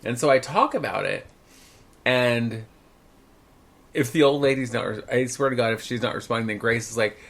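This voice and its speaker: A man's voice: medium pitch, normal speed, vocal fry, long pauses, fairly bright tone. A man co-hosting a casual podcast, blunt and wry with joking asides. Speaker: podcast co-host. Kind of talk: casual chat.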